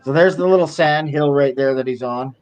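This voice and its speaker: A man's voice: fairly high pitch, a little fast, darkish tone, clear, resonant tone. A man co-hosting a casual chat, easygoing and agreeable. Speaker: co-host.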